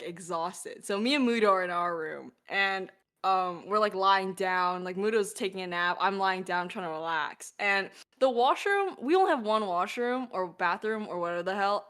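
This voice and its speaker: A woman co-hosting a stream, telling a funny story in a lively, giggly way. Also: mid-range voice, moderate pace. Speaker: stream co-host. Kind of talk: casual storytelling.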